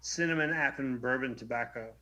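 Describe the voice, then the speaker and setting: A man co-hosting a casual podcast, giving news in a relaxed, matter-of-fact way. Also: mid-range voice, brisk. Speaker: podcast co-host.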